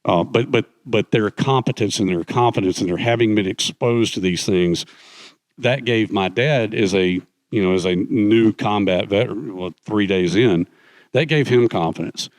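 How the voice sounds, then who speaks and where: Older guy, low voice, rambles through stories with lots of um and uh, dry close sound. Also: normal speed, no echo. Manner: rambling storyteller with many fillers. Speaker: guest author. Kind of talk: fireside chat on stage. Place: conference stage.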